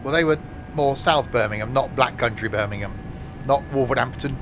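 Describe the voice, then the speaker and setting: A man's voice: medium pitch, brisk. A man live-streaming a train simulator, joking and laughing as he chats with viewers. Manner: jokey, chatty, laughs often, answers chat. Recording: steady noise under the voice.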